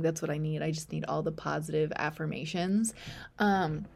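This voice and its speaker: A woman's voice: low-pitched, steady tone, moderate pace, gravelly, a little mellow. A young woman podcast host telling a personal story in a chatty way, full of fillers, sometimes dropping to a whisper.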